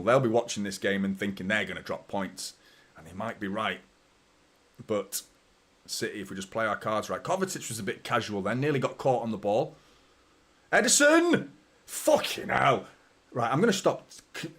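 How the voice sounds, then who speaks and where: Chatty fan host with light Mancunian accent. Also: male voice, lowish voice. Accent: light Mancunian, mostly neutral. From Manchester, England. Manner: chatty, rambling, bursts of excitement at chances. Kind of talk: live match commentary and casual chat.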